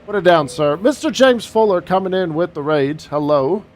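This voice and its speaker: A man's voice: high-pitched, expressive, moderate pace, soft background music. A man streaming a flight sim, chatting casually and joking while he talks through each step of the cockpit setup. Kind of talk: casual live-stream commentary.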